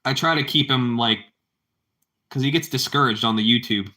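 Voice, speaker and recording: A man's voice: medium pitch, normal speed, sharp tone. A man chatting casually with his livestream viewers, rambling and repeating himself, and calling them bro. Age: adult parent. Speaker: livestream host.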